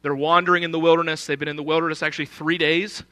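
A man's voice: fairly high pitch, little pitch movement, very fast, bright, forceful tone. A man preaching a sermon in an emphatic, conversational way, often posing rhetorical questions.

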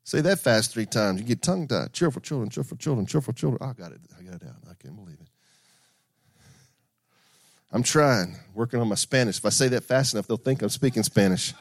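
A man's voice: fairly low pitch, very animated, a little fast, no echo, clean studio sound. A middle-aged man preaching a sermon in a conversational way, with asides, repetition and everyday stories. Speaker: pastor.

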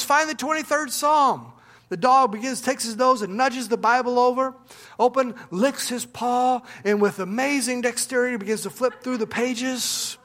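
A man preaching as pastor, in a relaxed storytelling manner with restarts and asides. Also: high voice. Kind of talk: sermon with a told joke. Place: church.

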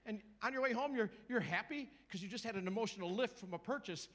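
A middle-aged man preaching a sermon to a church congregation, lively and joking, acting out little voices and calling out to the crowd. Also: high voice, quick pace. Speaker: guest preacher.

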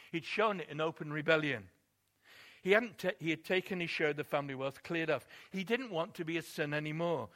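A man's voice: a little high, fairly bright tone. A man preaching a sermon, telling a story expressively and building emphasis on key points.

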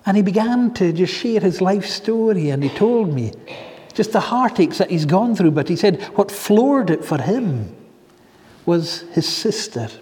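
An earnest male preacher with a fairly high, mellow voice. He speaks slowly, dwelling on key phrases as he tells his story. The sound carries a long reverb through a church hall. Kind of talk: sermon.

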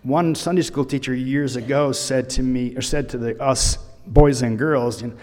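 A man's voice: medium pitch, expressive, unhurried, a little mellow, in a large hall. A man preaching a sermon, retelling a scripture story with humorous asides. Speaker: pastor.

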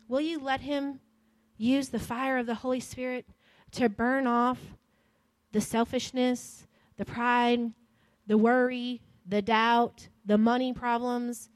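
Slow, emphatic woman preacher. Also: a little high, dry recording. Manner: slow and emphatic, turning hushed and prayerful. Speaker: pastor. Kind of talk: sermon and altar prayer.

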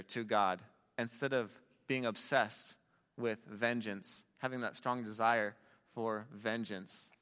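A man preaching a sermon in a relaxed, conversational way, with jokey asides to a young audience. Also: mid-range voice. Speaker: pastor. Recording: long hall reverb.

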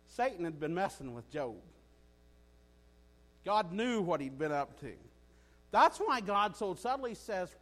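A man preaching a sermon in a folksy, animated way, often asking his listeners "right?". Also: high-pitched, a little slow, pauses often.

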